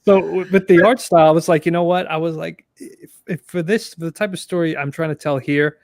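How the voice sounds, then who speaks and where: A man's voice: fairly high pitch, fairly even intonation, a little fast, darkish tone, no echo, studio quality. A man, a guest writer, talking easygoing and chuckling, with many fillers. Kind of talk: casual interview chat.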